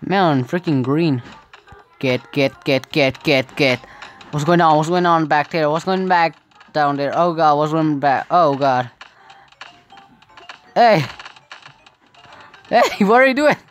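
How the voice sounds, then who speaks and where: A woman's voice: sits low, slow pace, long pauses, faint music behind. A woman giving casual gameplay commentary, often exclaiming in frustration and laughing at the game. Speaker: gaming video creator.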